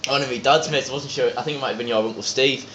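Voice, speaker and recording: A young man races through his stories at a quick clip, acting out the other voices and swearing freely. His voice sits in an echoey room, and the recording is a little dull. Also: medium pitch, a little hiss or hum. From North East England. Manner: rapid, animated anecdotes with lots of swearing and acted-out quotes. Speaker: band member, podcast guest. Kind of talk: casual storytelling chat.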